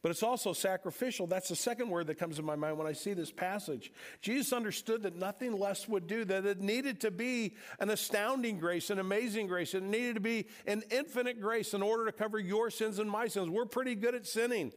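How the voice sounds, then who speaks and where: Midwest pastor guy, kinda high voice, chatty sermon, stumbles and repeats words a lot. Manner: conversational preaching with storytelling asides, repeats words when pausing.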